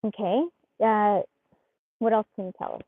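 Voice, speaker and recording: Animated tarot reader woman, phone-like sound. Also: mid-range voice, normal speed. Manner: murmurs softly while shuffling, then bursts into animated laughing chatter. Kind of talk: live tarot reading.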